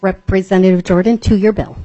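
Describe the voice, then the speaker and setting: Woman committee chair, warm mellow voice, brisk and procedural, dull lo-fi audio. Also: medium pitch, fairly even intonation, soft background music. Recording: dull, lo-fi hearing room audio.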